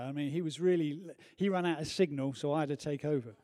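A man preaching a sermon in a church, telling a personal story earnestly, moving from hushed to loud. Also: fairly high pitch, fast, few pauses.

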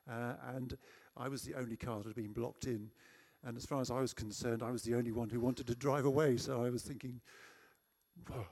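A man's voice: mid-range voice, vocal fry, a little mellow. A middle-aged man preaching a sermon, telling a personal story in a chatty, self-deprecating way.

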